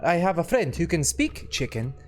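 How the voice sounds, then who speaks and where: Tabletop player, chatty and amused, halting, lively pitch, faint music. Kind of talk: casual tabletop play.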